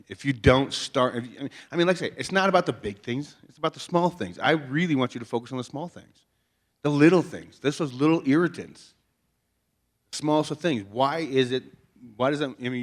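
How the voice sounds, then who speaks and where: A male pastor talks to his congregation in a loose, conversational sermon. He jokes in a folksy way and keeps asking rhetorical questions to pull the room along. His voice sits at an ordinary middle pitch. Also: a little fast. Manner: folksy, joking, peppers talk with rhetorical questions. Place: chapel before a congregation.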